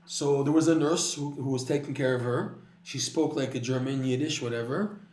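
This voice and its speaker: A man's voice: medium pitch, normal speed, a little mellow, echoey room. A man teaching a Torah class, telling a story animatedly with frequent restarts and repeated words.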